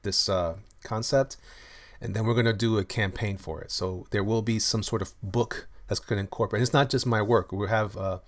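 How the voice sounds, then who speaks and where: Brisk and steady in tone, with a voice on the low side, this man chats on his livestream about the comics he makes. He shows his art and reads viewer comments in a loose, friendly ramble, full of fillers and restarted sentences.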